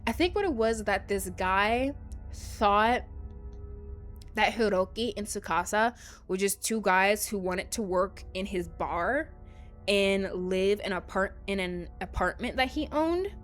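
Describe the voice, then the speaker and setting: A woman hosting a let's play tells a story in chatty, casual gaming commentary, with lively pitch jumps and plenty of "like" and "um." She speaks unhurriedly, with faint music in the background.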